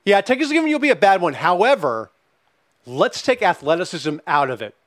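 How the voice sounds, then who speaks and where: A man's voice: high-pitched, fairly quick, no room sound. Male podcast host, bouncy upper-range voice, dry close mic, casual and profane. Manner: animated, profane, reads listener questions.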